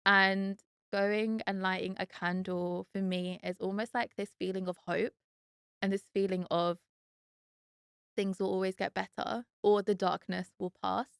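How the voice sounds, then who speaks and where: A woman's voice: mid-range voice, flat delivery, unhurried, vocal fry, smooth, no echo, clean studio sound. A young British woman from the UK hosting a casual solo podcast, chatty and heartfelt, often saying "like". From United Kingdom. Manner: chatty and heartfelt, lots of "like" fillers. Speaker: podcast host.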